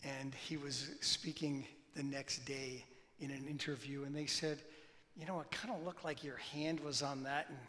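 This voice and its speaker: A man, a pastor, giving an informal sermon with lively storytelling and a quieter, reverent prayer. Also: medium pitch. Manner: animated storytelling, bursts of loud excitement; softer, slower and reverent in prayer. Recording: long hall reverb.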